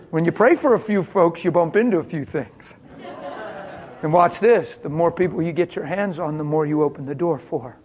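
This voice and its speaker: A preacher telling a homespun, familiar sermon story, dropping to near-whispers and then rising into loud, laughing exclamations. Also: medium pitch, expressive, a little fast, some chatter behind. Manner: homespun and familiar, calls listeners honey.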